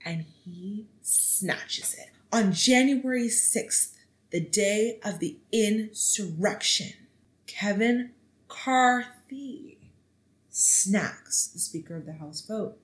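Young female podcast host, chatty and theatrical, swings her pitch way up for emphasis. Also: slow, poor audio. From Canada. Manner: animated, dramatic storytelling with sudden pitch jumps. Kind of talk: casual solo podcast commentary.

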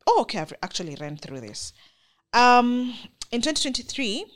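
A woman's voice: fairly high pitch, very animated, moderate pace, fairly bright tone. A young woman with a Kenyan accent giving an earnest, emphatic, faith-filled personal monologue as a vlogger.

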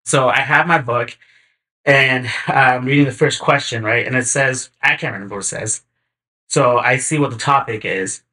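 Bright-voiced man telling a laid-back story. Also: mid-range voice, moderate pace. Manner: laid-back, slangy, acts out quotes in animated bursts. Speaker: podcast guest. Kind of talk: casual chat, storytelling.

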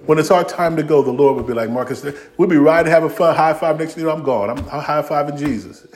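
Quick-paced and on the high side, a man preaches a lively, funny sermon. As pastor, he plays out conversations among biblical figures in vernacular, Southern-flavored speech, complete with "y'all" and "ain't."

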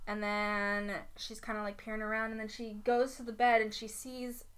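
A woman retelling a fairy tale in casual chat, giggling, saying "like" a lot and slipping into quick voices for the characters. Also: fairly high pitch, little pitch movement, a bit bright, clean tone.

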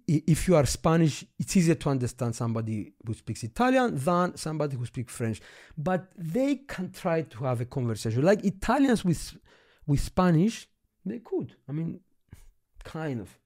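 A man from Cyprus, teaching about languages in conversation, often restarting words and trailing off quietly. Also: fairly high pitch. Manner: stammering restarts, trails off softly. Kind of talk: explaining linguistics in conversation.

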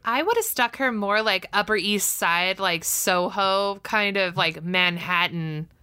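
A woman co-hosting a casual movie review podcast, talking in an animated way with lots of "like" and playful asides. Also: medium pitch, unhurried, clear, resonant tone. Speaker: podcast co-host.

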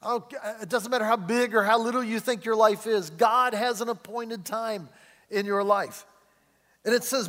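A middle-aged male pastor preaching a sermon in a church in a chatty way, chuckling often and slowing down to stress key words. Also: sits high, fairly even intonation, fairly bright tone. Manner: conversational preaching, chuckles often, slows and rises for emphasis. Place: church sanctuary. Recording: long hall reverb.

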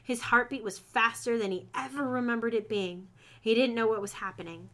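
A woman's voice: fairly high pitch, brisk, fairly bright tone. A woman reading fan fiction aloud with friends, breaking off to joke and laugh. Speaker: reader.

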